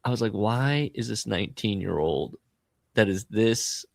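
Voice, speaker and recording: A man with a lowish voice talks through a film's plot in a loose, conversational way. His pitch swings widely as he acts out the characters' lines. The sound is dry and close. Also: measured pace, gravelly, dry recording. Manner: animated retelling, acting out characters' lines. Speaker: podcast host. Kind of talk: casual film discussion.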